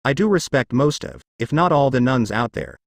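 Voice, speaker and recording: A man voicing a brooding, protective teenage boy with a blunt, even delivery. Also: medium pitch, moderate pace, vocal fry, dry recording. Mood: concerned.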